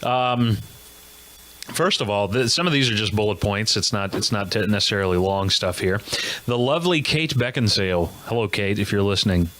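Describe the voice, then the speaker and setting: A man's voice: lowish voice, moderate pace, a bit bright. A man hosting a comedy show, delivering a jokey news monologue with self-mocking, rambling asides.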